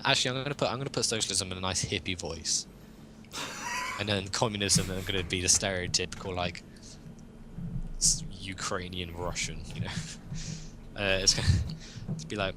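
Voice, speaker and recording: A man's voice: low voice, steady tone, normal speed, pauses often, background noise. A man co-hosting a podcast in a casual, joking chat, rambling along with frequent chuckles. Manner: rambling, jokey, chuckles often. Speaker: podcast co-host.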